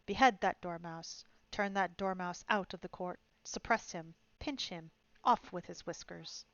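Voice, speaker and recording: A woman's voice: mid-range voice, animated, moderate pace, clear, resonant tone, dry recording, natural voice. A woman voicing a furious, bossy queen in a storybook reading, shrieking out orders, on dull lo-fi stream audio.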